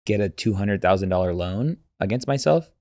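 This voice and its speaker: A man's voice: on the low side, animated, brisk, warm tone, no echo, clean studio sound. A man hosting a podcast interview, curious and informal, asking follow-up questions. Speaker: podcast host. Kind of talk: casual interview chat.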